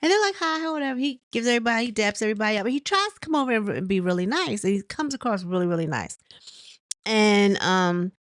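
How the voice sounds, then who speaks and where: A woman's voice: medium pitch, animated, fast talker, no echo, clean studio sound. A woman chatting casually as she recaps a reality show episode, rambling with many ums and laughing as she mimics the cast. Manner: many fillers and restarts.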